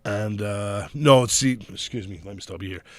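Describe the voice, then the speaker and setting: Sardonic man with a softened Scottish accent. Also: lowish voice, moderate pace, dry recording. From Scotland. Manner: profane, joking, sardonic. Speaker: podcast co-host. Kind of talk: casual chat.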